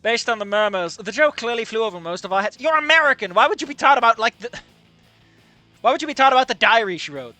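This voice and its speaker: A streamer reads a visual novel aloud and comments on it crudely and excitably. The voice is bright and cutting and swings widely in pitch. Soft guitar music plays underneath. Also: dry recording. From Netherlands. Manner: crude, excitable, quick to laugh. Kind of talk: game reading with live commentary.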